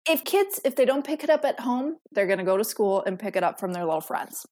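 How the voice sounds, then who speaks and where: A woman's voice: fairly high pitch, lively intonation, fast talker, a little mellow. A woman in her thirties from suburban Detroit, talking as a guest on a podcast in a blunt, profane, frank way. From Detroit suburbs, Michigan. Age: 30s. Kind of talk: casual podcast interview.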